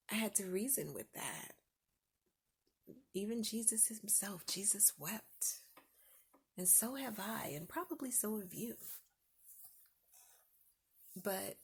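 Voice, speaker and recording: A woman hosting a faith-based podcast, who speaks like a parent and tells everyday stories conversationally, sometimes dropping to a soft whisper for emphasis. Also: medium pitch, vocal fry, breathy edge. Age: adult with children. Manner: uses everyday examples and asks the listener to picture them. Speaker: podcast host. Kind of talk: faith-based encouragement talk.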